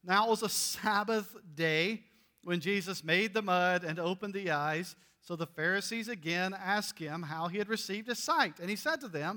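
Male pastor, chatty and joking sermon delivery with scripture reading; high, bright voice. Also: normal speed, in a large hall. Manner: conversational, joking, animated Bible reading.

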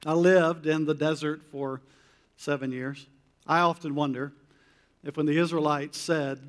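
A man preaching a sermon as a pastor, animated, with incredulous rhetorical questions. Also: a little high, measured pace, big-room sound.

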